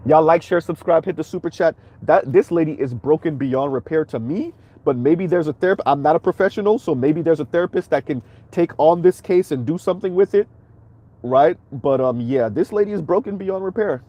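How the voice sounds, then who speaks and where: A man's voice: on the high side, brisk, mellow, no echo. A man hosting a commentary stream, reacting bluntly and heatedly while speaking straight to his viewers. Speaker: commentary channel host.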